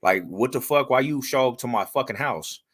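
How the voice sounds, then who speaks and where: A man hosting a podcast, telling stories in animated, slangy casual chat and laughing as he goes. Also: medium pitch, normal speed. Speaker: podcast host.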